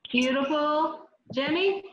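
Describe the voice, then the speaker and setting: Slow woman calling roll on a roomy call. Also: sits high, fairly bright tone. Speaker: board secretary calling roll. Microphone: video call. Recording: roomy, muffled call with faint noise.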